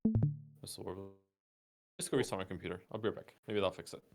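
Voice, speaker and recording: A man with a gravelly voice chatting casually over a voice call, often stammering and repeating words. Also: low-pitched, animated, quick pace, over loud music. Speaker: co-host on a voice call. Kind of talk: casual chat.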